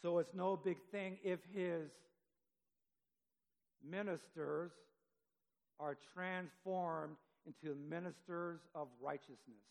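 Guy preaching a sermon, kinda high voice with gravelly fry, long echo like a big church hall. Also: steady tone, slow, pauses often, darkish tone. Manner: conversational, reads scripture aloud, rises for emphasis.

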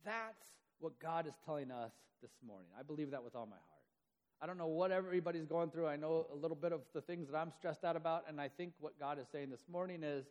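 A man's voice: a little high, lively intonation, quick pace, darkish tone. A man preaching a sermon in a conversational way, acting out the quoted voices as he goes. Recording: long hall reverb.

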